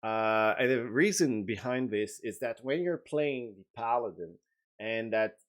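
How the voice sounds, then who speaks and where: A man's voice: medium pitch, animated, a little slow. A man with a French accent, a game designer giving a casual update video, talking hesitantly with many fillers and restarts.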